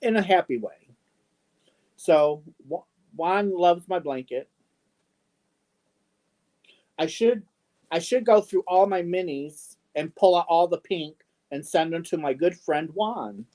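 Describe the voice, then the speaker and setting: Slow, halting middle-aged male streamer. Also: sits high, darkish tone. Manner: slow, halting, many ums, affectionate asides. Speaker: live-stream host. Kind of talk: casual live-stream chat reading viewer comments.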